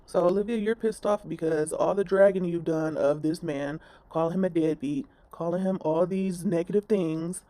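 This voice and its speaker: A woman's voice: on the low side, dark tone, dry recording. A woman commentator ranting bluntly in a reaction video, scolding and swearing.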